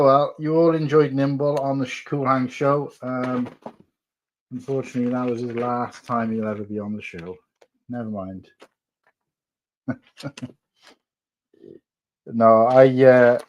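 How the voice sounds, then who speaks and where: A man's voice: medium pitch, slight background noise. Chatty man hosting a stream. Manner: chatty, reads viewer messages aloud. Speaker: live stream host. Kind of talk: casual live-stream chat. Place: at home, building on the sofa.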